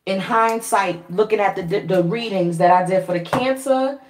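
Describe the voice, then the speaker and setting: A woman vlogger telling a story to her viewers in a casual, animated way, swearing freely and laughing often. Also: mid-range voice, normal speed, a little hiss or hum. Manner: animated, profane, laughing, acts out quoted voices. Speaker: spiritual reader and vlogger. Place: at home.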